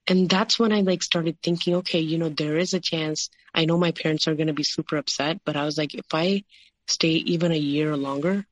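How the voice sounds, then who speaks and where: A woman's voice: low-pitched, fairly even intonation, a little fast, dry recording. Woman retelling her story, dry sound. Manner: recounting with many "like" and "you know" fillers, quoting others. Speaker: interview guest. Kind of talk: personal story in a podcast interview.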